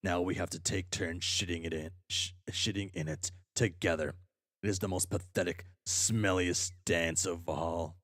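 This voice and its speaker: A man reading aloud as a furious, foul-mouthed young male troll, ranting and swearing at himself in shouted tirades. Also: sits low, fairly even intonation, normal speed, no room sound, clean studio sound. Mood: bitter.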